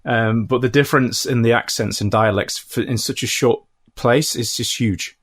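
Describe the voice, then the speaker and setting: A man's voice: medium pitch, fairly even intonation, moderate pace, fairly bright tone. Easygoing man. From northern England. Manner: modest, easygoing, laughs lightly. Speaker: guest, martial arts instructor. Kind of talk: casual interview chat.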